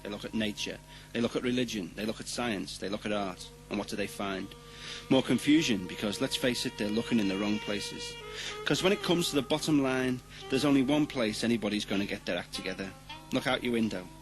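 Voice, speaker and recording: A man from London with a London accent, delivering a comic monologue in a ranting style that swings from deadpan to shouting. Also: lowish voice, a little fast, faint music behind. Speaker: comedian.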